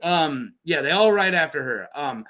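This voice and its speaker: Brief: rambling male host of a lore video, lively delivery. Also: a little high, moderate pace. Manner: rambling, self-correcting, laughs often. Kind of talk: casual story recap.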